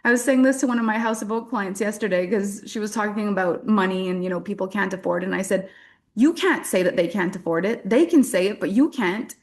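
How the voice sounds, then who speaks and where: A woman's voice: mid-range voice, fairly quick. A woman from French-speaking Canada giving a motivational workshop talk as a business coach, candid and self-deprecating, laughing often.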